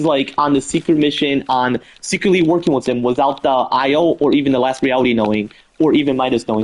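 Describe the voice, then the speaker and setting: With a mid-range, somewhat dark voice, a man streams live while casually brainstorming a story, wandering, restarting and leaning on fillers like "pretty much." The audio quality is poor.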